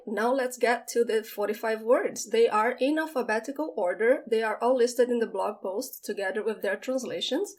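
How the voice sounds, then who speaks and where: A woman with a Brazilian Portuguese accent, a native Portuguese speaker, teaching vocabulary and saying each word slowly and clearly before explaining it. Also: a little high, a little mellow. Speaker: language teacher. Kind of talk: vocabulary lesson with slow pronunciation drills.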